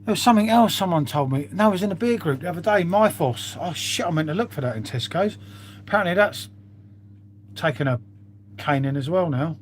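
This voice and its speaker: A man's voice: fairly high pitch, lively intonation, a little fast, slight background noise. Chatty man on a live stream. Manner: chatty, swears freely, talks to viewers as mate. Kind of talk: casual live-stream chat.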